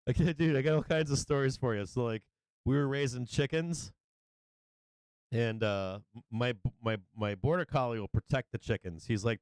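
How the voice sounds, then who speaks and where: A man's voice: mid-range voice, moderate pace, darkish tone, no room sound. A man hosting a livestream, telling rambling stories in casual chat, swearing and laughing often. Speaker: livestream host.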